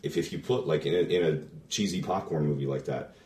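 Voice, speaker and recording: A man's voice: very deep voice, a little fast, a little mellow, reverberant, distant mic. A man chatting casually about movie villains, rambling with frequent restarts.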